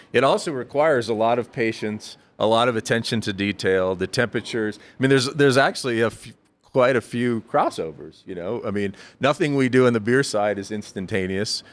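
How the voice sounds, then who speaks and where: On a relaxed podcast, a man visiting from a brewery speaks in a lowish voice, rambling through considered explanations with many self-corrections and a lift in his voice on the jokes.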